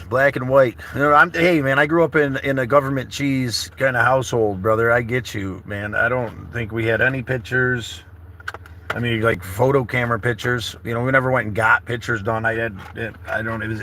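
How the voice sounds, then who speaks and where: A laid-back man in his thirties rambles through a morning chat from inside his camper car, his voice bright and forward. He calls listeners brother and buddy. A faint hum of background noise sits under him. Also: medium pitch. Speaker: travel vlogger. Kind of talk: casual morning livestream chat.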